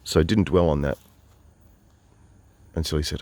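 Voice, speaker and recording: A wry Australian man with an extremely deep, low voice spins a rambling traveller's yarn. He talks in a casual, meandering way, full of asides and self-corrections. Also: steady tone, moderate pace, a little mellow. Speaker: travelling storyteller. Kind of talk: casual spoken monologue.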